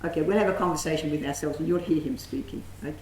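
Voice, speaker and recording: A woman theatre director coaching actors through a rehearsal, enthusiastic and calling out sharp commands. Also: racing. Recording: echoey room, faint rumble.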